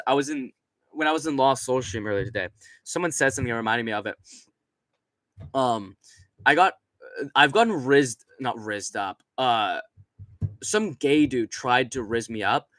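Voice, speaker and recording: A man's voice: medium pitch, pushed and bright, no echo. A young adult man hosting a live stream, rambling crudely in casual chat, laughing often and reading out chat messages. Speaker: streamer host.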